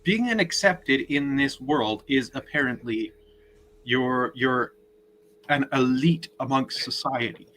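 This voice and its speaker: A man's voice: mid-range voice, slow pace, fairly bright tone, a little hiss or hum, low-quality recording. A man joining a casual podcast chat, laying out story details at length.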